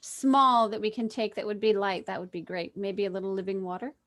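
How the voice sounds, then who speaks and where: A woman's voice: mid-range voice, steady tone, brisk, a bit bright. A woman playing a tabletop game in a friendly, teasing way. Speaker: player.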